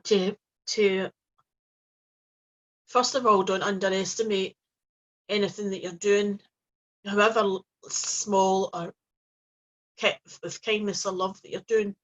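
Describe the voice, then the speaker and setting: A woman hosting her own channel, telling a personal story in a gentle, rambling way with many restarts. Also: mid-range voice, fairly even intonation, takes it slowly, pauses often. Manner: gentle, rambling, with frequent restarts and soft fillers. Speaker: host. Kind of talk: casual personal storytelling to camera. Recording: dull lo-fi recording.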